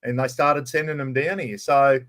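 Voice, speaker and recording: A man's voice: mid-range voice, fairly even intonation, moderate pace, fairly bright tone. A man, a guest chatting in a laid-back, slangy way. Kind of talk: casual chat.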